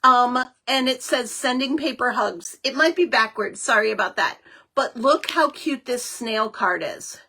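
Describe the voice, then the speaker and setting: Bubbly, high-voiced woman. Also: measured pace, slight background noise. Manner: chatty and excitable, with many fillers. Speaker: host of a live crafting show. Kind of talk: live-stream card-making demo.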